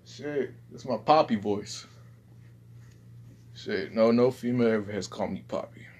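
A young man, rambling casually and profanely in a low-key, self-deprecating way. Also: normal speed, a little mellow, slightly rough. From Southern United States. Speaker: vlogger.

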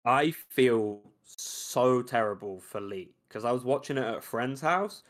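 A man's voice: medium pitch, a little slow. Laid-back young man, slangy guest. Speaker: podcast guest. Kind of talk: casual sports podcast chat.

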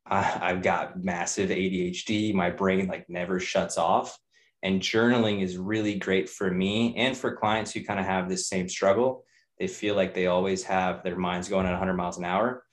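A man's voice: low voice, flat delivery, moderate pace. A young man, a nutrition coach and trainer, talking candidly on a podcast, swearing freely and building points in chains. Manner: candid, profane, repeats ideas in chains. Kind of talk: casual podcast talk.

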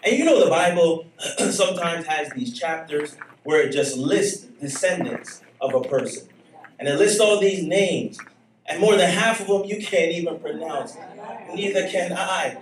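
A man's voice: a little high, expressive, measured pace, slight background noise, poor audio. A middle-aged male pastor preaching a sermon in a conversational way, acting out quoted speech and building to emphatic repetition.

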